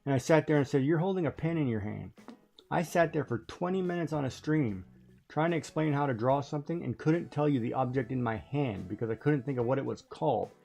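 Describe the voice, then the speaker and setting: A woman's voice: rumbling low, a little fast, vocal fry, mellow, soft background music. A woman streamer chatting casually as she plays, telling stories with frequent laughter. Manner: chatty storytelling, laughing often. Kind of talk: casual chat while playing a game.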